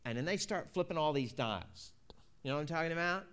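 Folksy preacher man, higher voice. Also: expressive, quick pace, fairly bright tone, smooth. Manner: storytelling, acting out both sides of the dialogue; folksy, repeats "you know". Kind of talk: conversational sermon.

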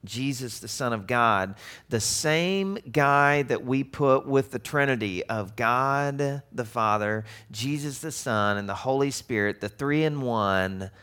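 A man preaching a sermon in a conversational, animated way, asking the audience rhetorical questions. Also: medium pitch, slow, clean tone. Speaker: pastor.

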